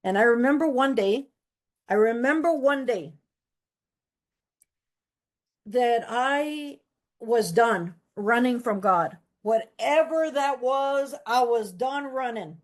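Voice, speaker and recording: A woman's voice: on the high side, lively intonation, slow. A woman giving a candid, emphatic personal testimony at a recovery meeting, often repeating words for stress. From Texas.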